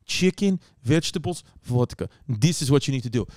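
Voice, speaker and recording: A pushy mover, put on by a man telling a story, growls out orders in broken English. The put-on sits lower and quieter than the storyteller's own voice. He makes every statement flat and certain. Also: a little fast, no echo, studio quality, lightly acted. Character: blunt Russian male mover, pushy and bossy.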